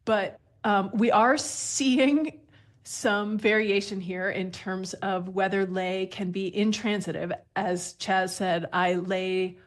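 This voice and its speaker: Woman guest expert, explanatory and friendly, mid pitch, laughs as she talks. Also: slow. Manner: explanatory, laughs lightly while talking. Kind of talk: explanatory radio talk.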